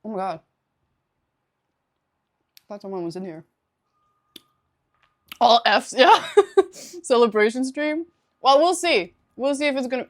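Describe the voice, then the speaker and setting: A woman's voice: a little high, expressive, measured pace, long pauses. A young woman live streaming, chatting casually with her viewers, laughing often and thanking them for subscriptions.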